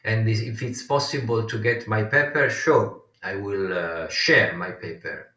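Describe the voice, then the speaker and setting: A man leads a live konnakol rhythm lesson, counting beats aloud in a slow, unhurried way. His voice has a bright edge and sits a little away from the mic in a roomy space. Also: on the low side. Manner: counting beats aloud, patient explaining with frequent fillers. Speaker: konnakol workshop teacher. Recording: roomy distant mic sound.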